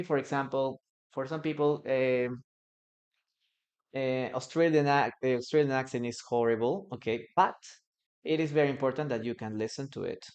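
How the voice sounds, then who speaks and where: A man whose first language is Spanish, with a Peruvian Spanish accent, teaching English in a live online lesson. He talks loosely, with many fillers and restarts, and repeats phrases slowly when dictating. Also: medium pitch, dull audio.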